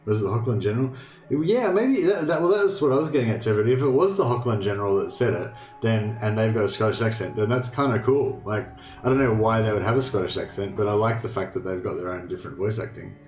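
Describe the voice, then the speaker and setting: Fast and with hardly any pauses, an Australian man chats through the strategy game he's streaming, reasoning out loud and cursing occasionally. His voice is lowish and a little mellow, heard over roomy echo and faint game music.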